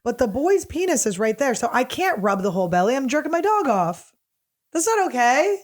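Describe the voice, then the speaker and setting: A woman hosting a comedy podcast alone, telling crude, animated, self-mocking stories in a casual monologue. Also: high-pitched, fairly quick. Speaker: podcast host.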